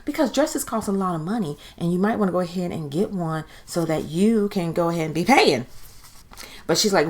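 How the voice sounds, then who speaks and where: A woman's voice: medium pitch, very animated, normal speed, darkish tone. A woman recapping a TV show in a casual, chatty way, giving her opinions and acting out quotes. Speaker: TV recap host.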